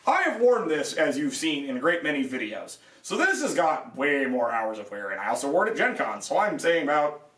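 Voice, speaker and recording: A young man reviewing a product and ranting in exasperation, his voice jumping high in disbelief as he swears. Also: big pitch swings, fairly quick, a bit bright, echoey room, recorded from a distance. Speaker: armor reviewer.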